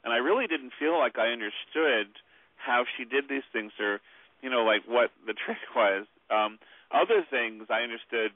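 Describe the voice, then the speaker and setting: A man's voice: medium pitch, normal speed, dry recording. A man, an author and guest, telling stories in a rambling way with many fillers over the phone. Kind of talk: phone interview storytelling. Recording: tinny phone line.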